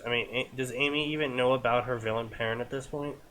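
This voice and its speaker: An exasperated young man giving casual commentary on a fanfiction reading, with a bright, forward tone and an incredulous edge. He talks in quick, rambling rants. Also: mid-range voice, steady tone. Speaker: co-host reading fanfiction aloud.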